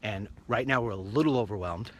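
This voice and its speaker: A man with a voice on the low side talks briskly, with a little hiss or hum audible. He's walking along a street outdoors, hosting his own online show in a casual, upbeat, rambling monologue.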